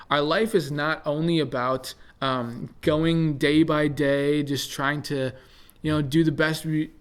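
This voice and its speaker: A young man presenting a casual bible study reflection, talking it through in a relaxed way with fillers and restarts. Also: on the high side. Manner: relaxed, thinks aloud with fillers.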